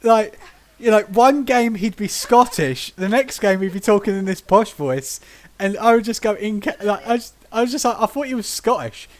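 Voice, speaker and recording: A man from Britain hosting a relaxed podcast chat. His voice sits on the higher side for a man. He tells lively tabletop game stories, acts out quotes and laughs easily. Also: moderate pace. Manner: animated storyteller who acts out quotes and laughs often. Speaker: podcast host.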